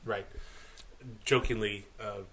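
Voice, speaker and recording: A man from San Diego hosting a casual interview and asking relaxed, conversational questions. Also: on the low side, slow, crowd noise. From San Diego, California. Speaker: podcast host.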